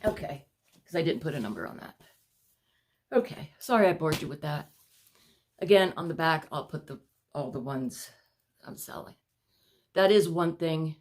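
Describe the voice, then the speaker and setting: A woman's voice: low voice, animated, normal speed, pauses often, darkish tone. A woman vlogging from home, out of breath, rambling and apologetic as she chats to her viewers. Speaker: vlogger showing her paintings. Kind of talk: casual chat to camera.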